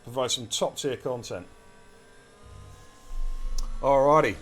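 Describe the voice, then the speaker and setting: A man giving live commentary on an online racing league, excitable and chatty, talking straight to his viewers. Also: mid-range voice, moderate pace. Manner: excitable, chatty, addresses chat directly. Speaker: race commentator and streamer. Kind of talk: live esports race commentary.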